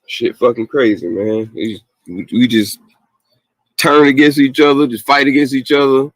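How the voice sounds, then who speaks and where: Podcast host, male, mid-pitch, casual profane rant, dry close mic. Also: normal speed, dry recording. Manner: blunt, profane, animated, with laughs and mocking quotes.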